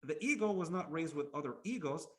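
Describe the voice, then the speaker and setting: A man voicing a wise, experienced adult male minister who calmly explains with emphasis. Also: on the high side, fairly quick, voice pushed up. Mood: explaining.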